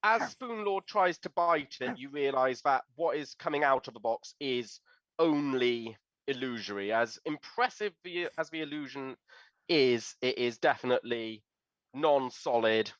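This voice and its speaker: A man's voice: medium pitch, expressive, a little slow, a bit bright, dry recording. A man running a tabletop game as game master, narrating scenes descriptively with occasional hesitations, recorded on a dull, slightly lo-fi mic.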